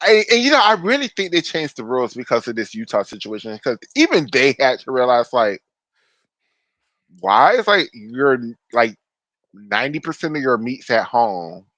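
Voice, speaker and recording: A man's voice: medium pitch, very animated, normal speed, a bit bright, no echo, poor audio. A man co-hosting a casual chat podcast, blunt and opinionated, swearing casually. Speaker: podcast co-host.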